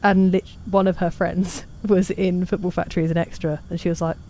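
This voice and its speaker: A woman's voice: fairly low pitch, flat delivery, a little fast, warm tone, a little hiss or hum. A woman streaming a game, chatting casually and self-deprecatingly while reading out her chat.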